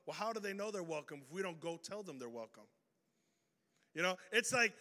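Animated preacher with a bright voice. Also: male voice, fairly high pitch, normal speed. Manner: animated, swings from loud to hushed. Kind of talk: energetic sermon with storytelling. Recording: reverberant hall.

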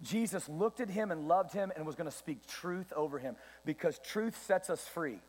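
Man, pastor, high voice, emphatic sermon, quoting voices, questions to listeners. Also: animated, normal speed, in a large hall. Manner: emphatic, rising and dropping sharply for effect; acts out quoted voices and asks the crowd questions.

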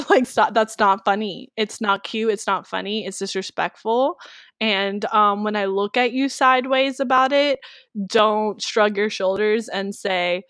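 A woman's voice: mid-range voice, a bit bright, no echo. A young woman co-hosting a casual discussion, talking emphatically with lots of "like" fillers. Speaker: co-host.

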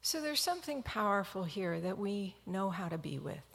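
A woman's voice: medium pitch, big pitch swings, moderate pace, gravelly, slightly rough, long reverb tail. A woman physician telling a personal story in an earnest, reflective talk.

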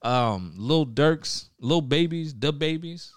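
A man's voice: a little high, animated, takes it slowly, no room sound. A young man hosting a casual podcast, talking loosely with lots of swearing, trailing off and restarting. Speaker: podcast host.

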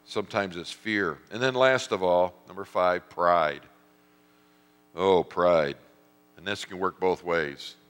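A middle-aged male pastor preaching a sermon, telling animated stories and acting out voices. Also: low voice, slow, clear, resonant tone. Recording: long hall reverb.

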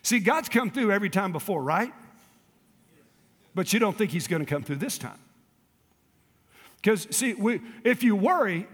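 High-voiced man preaching in a reverberant hall. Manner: call-and-response preaching, swinging from hushed to shouting. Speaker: pastor. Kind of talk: sermon.

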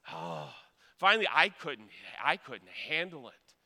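Bright-voiced preacher in a church. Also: male voice, a little high, huge pitch swings, unhurried, long reverb tail. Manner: earnest storytelling, rising to urgent exhortation. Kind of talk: sermon.

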